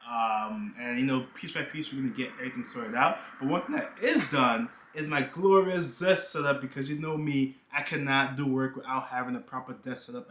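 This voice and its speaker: A young New Yorker who makes YouTube videos talks casually in a vlog, kidding around and saying "you know" a lot. He has a mid-range voice with a fairly bright tone. The sound is roomy, recorded in a half-unpacked room with boxes and bags.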